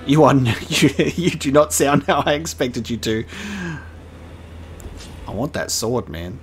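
A man's voice: mid-range voice, lively intonation, measured pace, faint music behind. A man chatting playfully as he commentates a video game he is playing for the first time. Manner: chatty, playful, laughing asides. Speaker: gaming streamer. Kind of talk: let's-play commentary.

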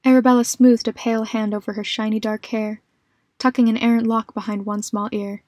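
A woman narrating a short horror story in a calm, measured, scripted reading. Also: on the high side, no room sound, studio quality.

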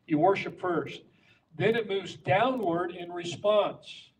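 A man with a high, bright-pitched voice, teaching a room of pastors about prayer. He speaks emphatically, often checking in with the crowd. He is heard from a distance in a live room, with a faint hum of ambience behind him. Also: slow pace. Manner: emphatic, teaching by patterns and rhetorical questions. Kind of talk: conference talk to pastors. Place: conference room with audience.

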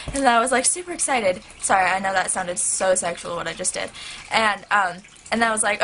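Teen girl vlogger, crisp bright tone, gushing and rambling, soft aquarium filter hum behind her. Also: mid-range voice, a little fast, poor audio. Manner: excitable, rambling, heavy use of "like". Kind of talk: casual chat to camera. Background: turtle tank filter hum.

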